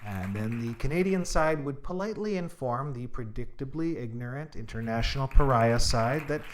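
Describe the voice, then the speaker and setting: A man delivering a comic monologue, his pitch swinging widely as he argues with himself. He sounds sarcastic and mocking, trading insults between two imagined sides. A faint crowd and some noise sit behind him. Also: lively intonation, moderate pace. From United States. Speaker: comedian. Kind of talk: comedic sketch monologue arguing with himself.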